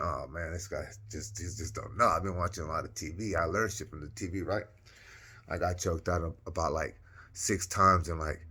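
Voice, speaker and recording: A man telling his own story in a casual, slangy, rambling way, acting out the dialogue as he goes. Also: mid-range voice. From Northern California. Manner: slangy, rambling, animated retelling with quoted dialogue.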